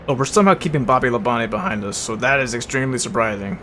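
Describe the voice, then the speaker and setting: A young man giving casual commentary while playing a racing game, full of bro and swearing, sometimes flaring into loud angry rants. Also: medium pitch, expressive, fast, slight background noise. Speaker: gaming video host.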